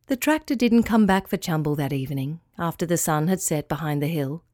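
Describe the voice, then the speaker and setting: A woman reading a children's story aloud, in a calm, clear and expressive way. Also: low voice, fairly quick, dry recording, studio quality.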